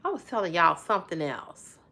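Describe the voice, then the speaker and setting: A woman's voice: on the low side, animated, a little fast, creaky. Giggly woman hosting a livestream. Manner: laughs often, exclaims loudly; chatty, teasing, folksy. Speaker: livestream host. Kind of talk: casual livestream chat reading viewer comments.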